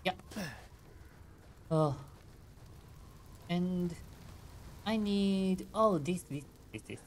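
A woman game streamer giving live gameplay commentary with excitable reactions, switching between Japanese and English. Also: lowish voice, extremely slow, slight background noise.

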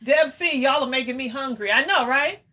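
Woman, higher voice, chatty live-stream host, rambling with ums. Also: a little fast, sharp tone. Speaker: livestream crafting host. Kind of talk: casual live-stream chat.

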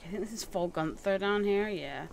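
A woman doing casual let's play commentary on a game, excitable and thinking aloud with frequent exclamations. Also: medium pitch, moderate pace, gravelly, slight background noise.

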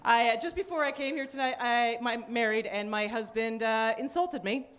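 A woman from Canada performing a stand-up comedy set on a club stage, dry and deadpan, with sudden high-pitched bursts. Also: moderate pace. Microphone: handheld stage mic. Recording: live club recording with audience laughter. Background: audience laughter.

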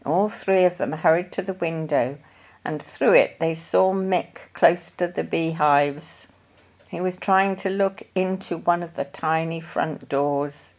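A woman reading a children's story aloud in a gentle, deliberate storytelling manner. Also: deep voice. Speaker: storybook reader.

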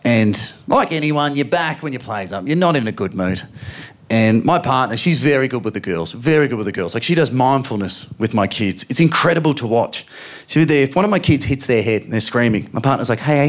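A man in his thirties with an Australian accent, performing a stand-up comedy routine and acting out quick voices of his family. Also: mid-range voice, expressive. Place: live comedy venue with audience laughter.

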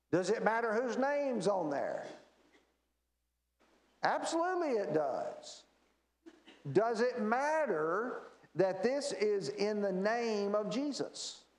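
A man teaching a Bible class in a church, explaining verses and asking the class rhetorical questions. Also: high voice. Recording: echoey church room.

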